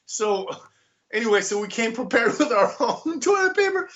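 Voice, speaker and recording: A man with a fairly high voice tells a travel story in casual conversation. He is excitable and profane, laughing as he goes and swearing freely. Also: moderate pace, dull audio. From United States. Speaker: guest.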